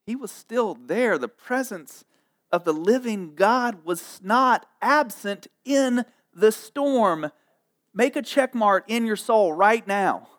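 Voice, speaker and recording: A man preaching a sermon in a lively, jokey way, acting out the people in the story. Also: sits high, slow. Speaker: pastor.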